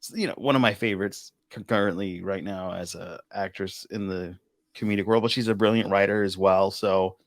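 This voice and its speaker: A man hosting a casual movie review chat, animated and prone to swearing. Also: low-pitched, a little fast, no echo, studio quality. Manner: animated, swears, laughs often. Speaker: host.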